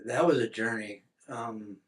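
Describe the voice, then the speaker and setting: An older American man talks through his war memories in an oral history interview. His pitch sits in the middle range, and he rambles, circling back and restarting thoughts as he goes. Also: measured pace. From United States. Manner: rambling storytelling with many restarts and fillers. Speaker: veteran interviewee.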